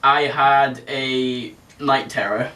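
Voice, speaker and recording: A man's voice: mid-range voice, steady tone, slow, sharp tone. A young man in his twenties, telling a story on a casual podcast chat. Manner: jokey, laughs a lot, slips into silly accents. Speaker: podcast co-host. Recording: echoey room, mic far off, faint noise.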